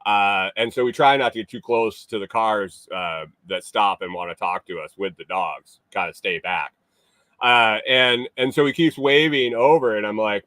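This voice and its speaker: A man's voice: on the low side, normal speed, a bit bright, no echo. A man hosting a morning show, telling a casual story in a rambling way with many fillers and restarts.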